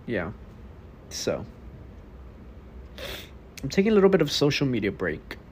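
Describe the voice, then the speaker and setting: A man's voice: medium pitch, very animated, normal speed, long pauses, a little hiss or hum. An eighteen-year-old man from Texas hosting his own podcast, talking alone in a rambling, blunt, profane way. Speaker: podcast host. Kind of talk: casual solo podcast monologue.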